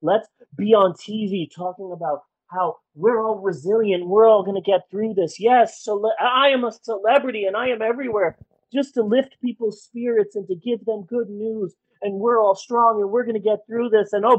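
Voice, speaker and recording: A woman's voice: mid-range voice, moderate pace, husky, muffled recording, natural voice. A woman putting on the voice of a smug, self-important celebrity in a mocking parody. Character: smug, fake-caring celebrity, either sex, adult.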